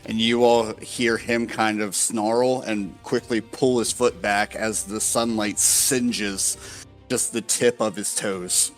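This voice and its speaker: A man narrating as dungeon master, unhurried and hesitant with many pauses and fillers. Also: on the low side, fairly even intonation, soft background music. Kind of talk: narrating a tabletop game.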